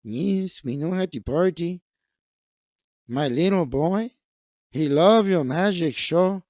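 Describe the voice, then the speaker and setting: A man's voice: a little high, expressive, slow, darkish tone, no echo. This is a hospitable Mexican father in his fifties who won't let his guest leave without eating, as a man puts him on. He speaks broken English with a put-on Mexican Spanish accent, pressing and generous by turns. The sound is close and dry. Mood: insistent.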